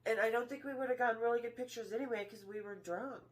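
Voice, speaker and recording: A middle-aged woman co-hosting a casual chat over drinks, frank and quick to laugh, swearing freely. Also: a little high. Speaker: podcast co-host.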